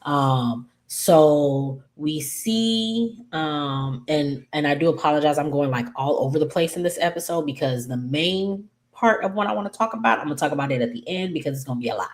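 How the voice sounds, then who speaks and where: A woman hosting her own channel, casually recapping a TV episode with lots of fillers, rambling asides and quick apologies. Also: low-pitched, animated. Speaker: YouTube TV recap host.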